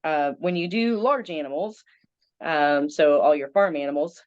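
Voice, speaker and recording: A woman's voice: low voice, animated, moderate pace, dry recording, muffled recording. A woman in her thirties with a Southern American accent, chatting as a veterinarian guest with many ums. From Southern United States. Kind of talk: casual interview.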